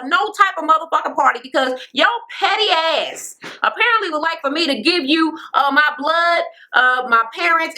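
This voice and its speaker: High, bright woman ranting bluntly. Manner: blunt, heavy swearing, mimics people she quotes. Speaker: reality TV recap vlogger. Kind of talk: profane reality show recap rant.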